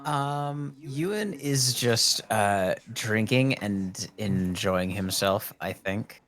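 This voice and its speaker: A man speaking quietly and hesitantly as a player in a tabletop game. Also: lowish voice, drawn-out words.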